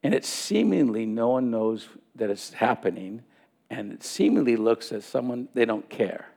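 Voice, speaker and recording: A man's voice: medium pitch, expressive, moderate pace, creaky, mellow. A man preaching a sermon, telling a personal story and acting out the dialogue in it.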